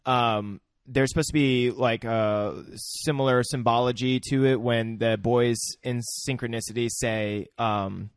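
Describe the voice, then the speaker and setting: Young male co-host, easygoing chime-ins, mid-pitched, dry close mic. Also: steady tone, a little slow, few pauses, smooth, dry recording. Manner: laid-back, chiming in with short agreements and swearing. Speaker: podcast co-host. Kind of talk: casual movie recap chat.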